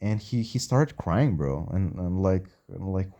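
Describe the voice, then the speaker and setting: A man's voice: low voice, animated, measured pace, dark tone. A man telling a rambling, slangy story in a casual way, swearing a lot.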